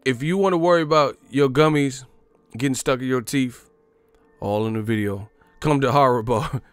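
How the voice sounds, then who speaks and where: Laid-back male stream host, crude and jokey, mid-range voice, dry mic with soft background music. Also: mid-range voice, moderate pace, clear, resonant tone, dry recording. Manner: profane, joking, laughs often. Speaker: boxing livestream host. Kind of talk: casual livestream rant.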